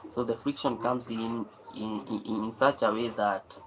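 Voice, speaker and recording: A man's voice: on the low side, steady tone, measured pace, low-quality recording. A man hosting a live stream, talking off the cuff in a rambling way, full of fillers and repeated phrases. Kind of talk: unscripted talk on saving.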